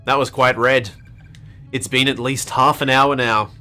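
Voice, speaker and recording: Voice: mid-range voice, steady tone, unhurried, pushed and bright, faint music behind. A streamer giving a dramatic reading of horror game text, theatrical and prone to acted pleading and screams. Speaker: let's play streamer.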